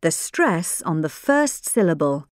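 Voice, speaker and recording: A woman clearly announcing tracks and exercises for a textbook audio course. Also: fairly low pitch, very animated, measured pace, no echo, clean studio sound. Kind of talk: reading track and exercise cues.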